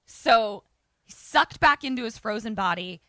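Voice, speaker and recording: Podcast co-host: woman, bright dry voice, lively plot recap with acted-out quotes. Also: fairly high pitch, measured pace, no room sound. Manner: animated storyteller, acts out quotes, swears casually. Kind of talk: casual chat retelling a film plot.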